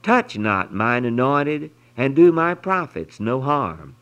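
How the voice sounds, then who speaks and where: A man voicing a dying old pastor who speaks in a weak, deep hush. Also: sing-song, slow. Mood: frail. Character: dying old male pastor, frail and solemn.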